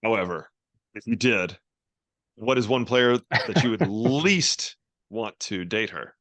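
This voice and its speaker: A man's voice: lowish voice, animated, takes it slowly, fairly bright tone, no room sound. A man hosting a podcast, asking short, playful questions in a casual tone. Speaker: podcast host.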